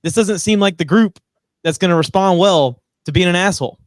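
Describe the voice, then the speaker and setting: A man's voice: high voice, fairly quick, no room sound, clean studio sound. A man co-hosting a podcast, giving laid-back sports analysis in casual chat with a chuckle. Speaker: podcast co-host.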